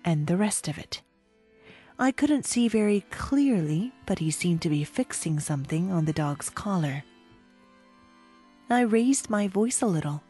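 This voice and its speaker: A woman reading a story aloud as narrator, slow and measured. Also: mid-range voice, animated, mellow, husky, soft background music. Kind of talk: audiobook reading.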